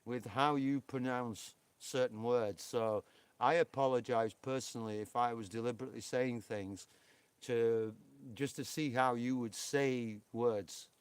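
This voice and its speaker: Yorkshire guy chatting on a live stream, rambly, lots of ums, voice sits mid-pitch, dry close sound. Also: steady tone, measured pace, clean tone, no echo. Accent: Yorkshire English. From England. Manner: rambling, chatty, full of fillers and restarts.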